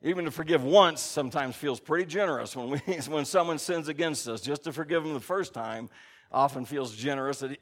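A man's voice: medium pitch, normal speed. Conversational male preacher. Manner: conversational preaching, checks in with "okay?". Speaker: pastor. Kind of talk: sermon.

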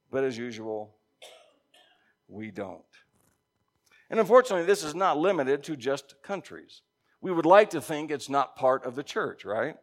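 Man preaching with emphatic swings. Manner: emphatic, swinging between loud stresses and low quiet drops; conversational asides to the congregation. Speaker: pastor. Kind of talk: sermon.

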